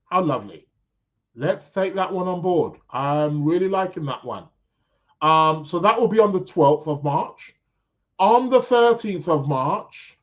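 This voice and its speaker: Rambling, slightly high-voiced man on a podcast. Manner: rambling, self-correcting, chats with viewers. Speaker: podcast host and astrologer. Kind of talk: casual live-stream chat. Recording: dull lo-fi sound.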